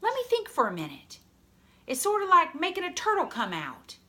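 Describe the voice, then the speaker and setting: A woman's voice: very high-pitched, huge pitch swings, moderate pace, bright, forceful tone, pitched above the performer's own voice, heavily acted. A woman reading aloud and voicing a stubborn, boastful young boy with an insistent drawl. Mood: scoffing.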